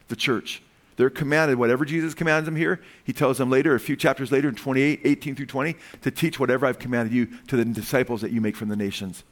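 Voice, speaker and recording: Speaking at a medium pitch, a pastor delivers his sermon in a casual, conversational style. He keeps checking in with the congregation by calling out "amen?" and shifts between loud emphasis and quiet, hushed lines.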